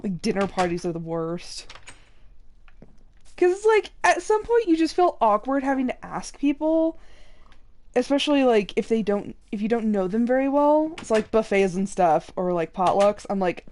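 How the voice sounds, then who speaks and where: Chatty young woman streamer, high-pitched, casual, often laughing. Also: a little mellow, a little hiss or hum. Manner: chatty, laughs often, quotes others in raised voice. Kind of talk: casual chat while gaming.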